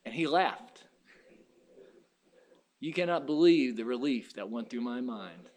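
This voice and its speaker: A man's voice: mid-range voice, lively intonation, a little slow, darkish tone. A man preaching a sermon in a fervent, folksy way, weaving in personal stories.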